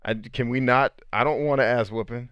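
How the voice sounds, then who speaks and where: A man hosting a casual livestream, chatting with viewers in an animated, joking way and swearing freely. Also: mid-range voice, moderate pace, smooth, dry recording. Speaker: podcast host answering live chat.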